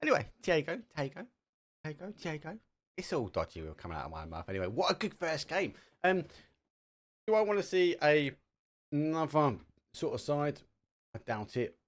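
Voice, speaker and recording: A man's voice: fairly high pitch, big pitch swings, normal speed. A man with an Essex accent commentating a live esports match, chatty and joking between calls. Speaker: esports caster.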